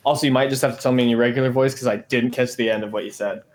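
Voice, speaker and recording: A man's voice: mid-range voice, fairly even intonation, rapid-fire. A man playing a tabletop game who talks loosely and rambles over a voice call. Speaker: player. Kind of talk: casual chat. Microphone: voice call microphone.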